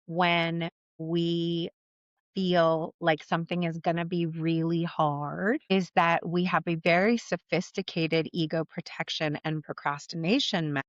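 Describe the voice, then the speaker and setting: A woman's voice: lowish voice, a bit bright, no echo, dull audio. A woman coach hosting her own podcast, talking candidly and conversationally and swearing casually. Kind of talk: solo podcast monologue.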